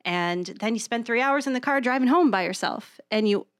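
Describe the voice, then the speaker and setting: A woman's voice: fairly high pitch, expressive, brisk, smooth, no echo. American woman, dry close mic. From United States. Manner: self-deprecating, laughs while she talks. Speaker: improv teacher and guest. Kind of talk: casual podcast chat.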